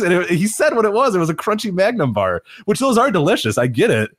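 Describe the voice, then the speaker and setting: A man's voice: high voice, brisk, dry recording. A man co-hosting a casual podcast, telling stories with lots of laughter and acting out quotes from others. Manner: animated storytelling, acts out quotes, laughs often. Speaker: podcast co-host. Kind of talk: casual wrestling podcast chat.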